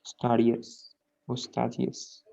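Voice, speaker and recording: A man student answering his teacher over a video call, halting and hesitant. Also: medium pitch, completely flat delivery, vocal fry, warm tone, lo-fi sound. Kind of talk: answering in class.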